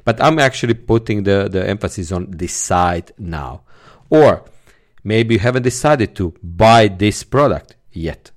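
A man's voice: lowish voice, expressive, measured pace. A man hosting a solo podcast, teaching sales techniques and stressing key words in his examples. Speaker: podcast host, sales trainer.

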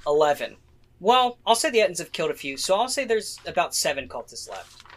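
Casual game master, man, slightly high voice, easygoing narration. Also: very animated, a little fast, fairly bright tone. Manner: casual, laid-back with swearing.

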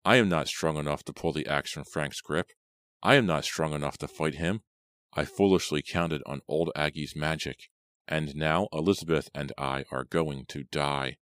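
A man reading the part of a desperate young man who protects his little sister, in a hushed, earnest way. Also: very deep voice, normal speed, dry recording, clean studio sound.

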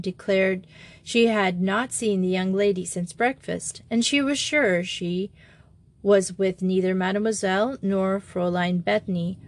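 A woman narrating a children's story in a measured reading voice. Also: mid-range voice. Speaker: audiobook narrator. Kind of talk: scripted narration.

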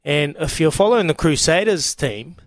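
Laid-back New radio host, dry sound. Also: male voice, a little high, animated, normal speed, no room sound. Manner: laid-back, laughs often, blokey banter. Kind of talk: casual sports chat.

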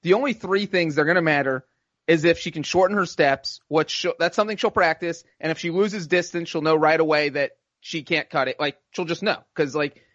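A man in his thirties co-hosting a sports podcast, explaining things in quick, matter-of-fact runs. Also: fairly high pitch, a bit bright, dry recording, dull audio. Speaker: podcast co-host. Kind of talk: casual sports podcast chat.

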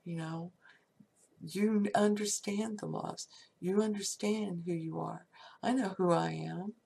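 A woman's voice: lowish voice, fairly even intonation, slow pace, gravelly, mellow, husky. A woman giving a casual, upbeat talk on prayer and feeling, often laughing and dropping into whispers. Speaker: spiritual speaker.

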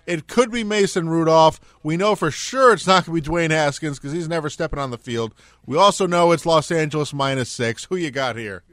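Brisk male sports show host. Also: on the high side, a bit bright, no room sound, studio quality. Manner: brisk, moving things along.

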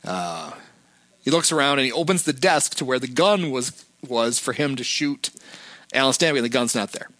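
A man's voice: mid-range voice, animated, moderate pace, fairly bright tone, no echo. A man hosting a podcast, casually recapping a film's plot in a rambling way, full of fillers. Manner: rambling retelling with fillers and acted quotes. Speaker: podcast host.

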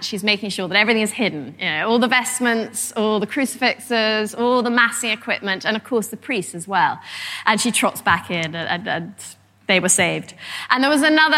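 A woman historian giving a lively public lecture, telling stories with animation. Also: medium pitch. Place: lecture hall. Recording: reverberant lecture hall.

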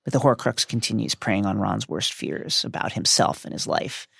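A man co-hosting a podcast, reading a prepared essay about a novel with emphatic, animated delivery. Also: lowish voice, moderate pace, gravelly, breathy edge, dry recording, clean studio sound. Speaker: podcast co-host.

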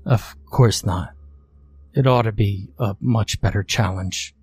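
A man voicing a calm, smug young male conjurer who mocks patiently. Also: fairly low pitch, slow, soft background music.

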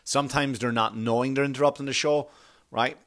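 Man, podcast host, blunt, swearing, opinionated, middle pitch. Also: fairly even intonation, a little fast, fairly bright tone. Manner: blunt, profane, opinionated ranting. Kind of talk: casual podcast monologue.

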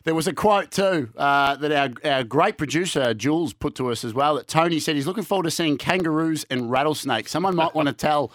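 An Australian man with a slightly higher voice chats loosely about fights, circling back and restarting his sentences. The sound is dry and close, with no room around it. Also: a little fast, few pauses, fairly bright tone, no room sound. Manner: chatty, rambling with many restarts and fillers. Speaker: sports podcast co-host. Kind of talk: casual sports chat.

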